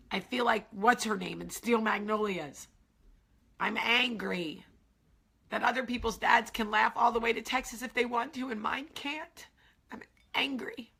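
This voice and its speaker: A woman's voice: on the high side, gravelly, pushed and bright, slightly rough. A forty-year-old woman hosting a confessional vlog, talking candidly and tearfully, repeating herself and dropping into whispers. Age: 40s. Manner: raw, candid, repetitive, with whispered asides. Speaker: vlog host. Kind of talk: emotional confessional vlog talk.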